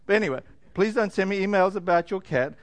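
A pastor with a high-pitched voice delivers a sermon in an easygoing, joking, conversational way, dropping in frequent fillers and slowing down to emphasize key words. The sound is dry and close, without room echo.

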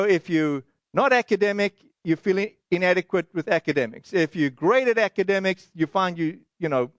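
A man's voice: sits high, no echo, dull audio. A man preaching a sermon as pastor, earnest and conversational, often restarting and acting out little quoted asides.

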